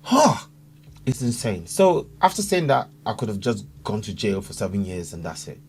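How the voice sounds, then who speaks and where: A man's voice: on the low side, very animated, fairly quick, darkish tone, a little hiss or hum. A man from Africa hosting a casual reaction video, talking in an earnest, chatty way that repeats itself with fillers. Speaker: YouTube reaction host.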